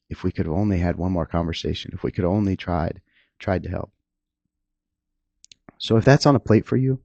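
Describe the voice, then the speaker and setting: A middle-aged man, a police officer, talking earnestly and emotionally about the job, halting and restarting at times. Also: sits low, dark tone, no echo, muffled recording. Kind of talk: candid personal talk.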